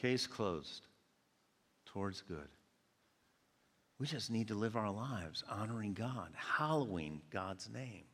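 A man from Georgia preaching a sermon, telling animated stories and acting out quoted voices. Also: on the low side, a little slow, few pauses, husky. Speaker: pastor. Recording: long hall reverb.

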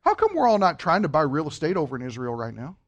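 A man with a high voice preaches to his congregation with animated energy. He fires off rhetorical questions and slips in joking asides as he works through the scripture. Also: quick pace, muffled recording. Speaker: pastor. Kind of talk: sermon.

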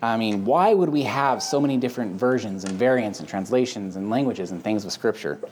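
This man hosts a relaxed Bible discussion as a teacher, his voice fairly low, expressive, and quick. He speaks emphatically and conversationally, leaning on plenty of fillers, in a casual teaching chat.

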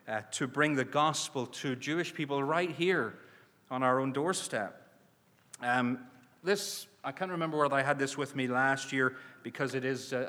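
A man's voice: medium pitch, sharp tone. A man speaking earnestly at a church, preaching on mission with emphatic stresses and frequent restarts. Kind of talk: preaching address. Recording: reverberant hall.

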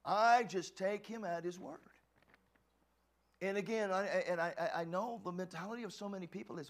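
A man preaches a sermon, moving between hushed, quiet lines and fervent shouts, and he often repeats words and starts sentences over. His voice sits high, and he speaks at a moderate pace.

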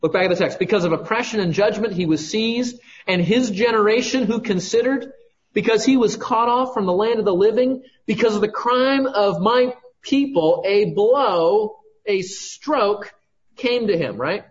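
A man's voice: high voice, moderate pace, highs cut off. A man preaching a sermon, teaching through a scripture passage verse by verse and checking in with listeners with frequent "right?" asides. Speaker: pastor.

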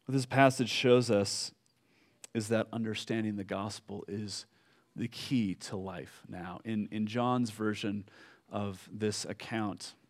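A man preaching a sermon, telling a story slowly with fillers and pauses, dropping soft at solemn moments. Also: on the low side, steady tone. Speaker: pastor.

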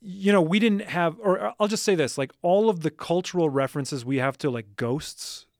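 A man from suburban Wisconsin with a voice pitched a bit high chats casually. He rambles and hesitates, often restarting his sentences. The sound is dry and close to the mic. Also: normal speed, darkish tone, no room sound. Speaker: podcast co-host. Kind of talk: casual chat.

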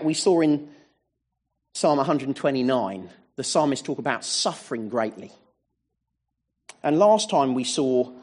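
A man's voice: medium pitch, darkish tone. A man preaching a sermon, working through a psalm verse by verse and often adding rhetorical tag questions. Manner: expository, walking through verses.

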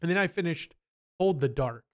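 A young man chatting casually on a podcast, telling stories with lively asides. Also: a little high, normal speed. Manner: animated storyteller, mimics people in quotes. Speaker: podcast co-host. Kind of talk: casual chat.

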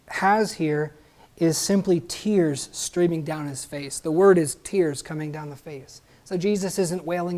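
A man's voice: high voice, a little mellow. A man preaching a sermon emphatically, asking the congregation questions and adding joking asides.

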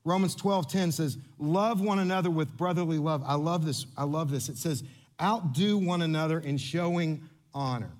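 A man preaching a sermon, animated and playful, joking with the congregation. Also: a little high, moderate pace. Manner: animated, playful, coaching volunteers on stage. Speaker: pastor.

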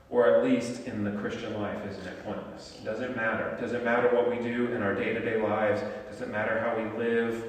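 A pastor preaching a sermon and teaching with a string of rhetorical questions. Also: male voice, medium pitch. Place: church sanctuary. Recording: echoey hall from far off.

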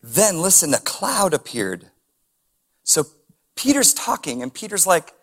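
A male pastor preaches in a relaxed, conversational style, his voice a little higher than most men's, slightly rough, and a little slow. He reads scripture, then drifts into chuckling asides and runs of rhetorical questions.

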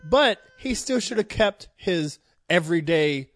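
Blunt guy on a movie podcast, lively pitch, dry close sound, swears a lot. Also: a little slow, no room sound. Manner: blunt, swears, acts out quotes. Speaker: podcast co-host. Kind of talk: casual movie chat.

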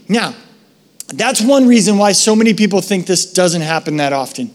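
High-voiced man preaching casually. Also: animated. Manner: casual, storytelling, quick asides. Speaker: pastor. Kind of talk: sermon.

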